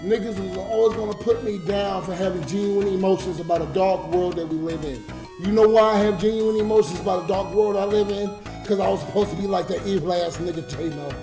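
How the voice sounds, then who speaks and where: A drunk man with a high voice pours out his feelings to his viewers in a raw, ranting livestream chat. The room is echoey, with music playing clearly behind him. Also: fairly even intonation, fairly quick. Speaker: livestreamer and comedian. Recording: roomy echo with music behind.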